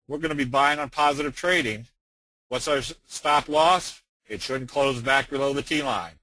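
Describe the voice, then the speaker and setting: A middle-aged man presenting a trading webinar, plain-spoken and folksy, with frequent filler pauses. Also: mid-range voice, bright, forceful tone, no echo, low-quality recording. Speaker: trading educator.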